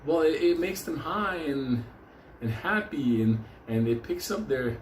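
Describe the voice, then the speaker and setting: A man's voice: expressive, slight background noise. A man putting on a stammering hippie baker. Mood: earnest, fretful. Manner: halting, stammering, pitched up. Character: mild older male hippie hash baker, earnest. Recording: roomy echo.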